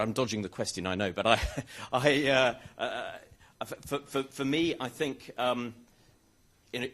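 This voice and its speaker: A man answers a conference question in a halting way. He restarts and hedges often as he works through his points. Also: lowish voice, fairly bright tone. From United Kingdom. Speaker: rail regulator chief executive on a panel. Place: conference hall.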